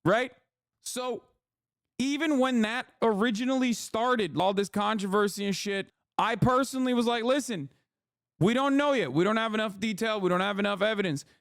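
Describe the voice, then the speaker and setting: A man's voice: high voice, moderate pace, vocal fry, fairly bright tone, no echo, clean studio sound. A man in his thirties, a streamer giving casual, profane, exasperated commentary on news.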